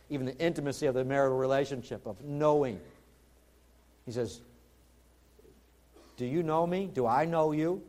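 A middle-aged man preaching with a slightly raised pitch. He builds to loud, urgent appeals, then sinks his voice low and soft when he quotes scripture. The delivery is an emphatic sermon from the pulpit. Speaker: pastor.

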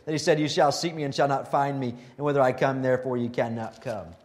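A man preaching a sermon, reading scripture and quotes, and turning animated when he voices the scoffers. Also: mid-range voice, fast, hardly any pauses.

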